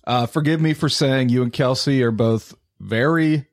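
A man's voice: mid-range voice, moderate pace, no room sound, clean studio sound. A man hosting a casual podcast, joking and swearing, talking to his listeners as folks. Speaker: podcast host. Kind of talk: casual chat.

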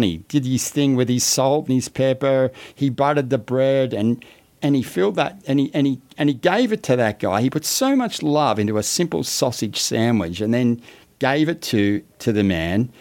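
A man's voice: mid-range voice, darkish tone. A middle-aged Australian man hosting a podcast, telling a story in casual chat with many restarts and fillers. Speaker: podcast host.

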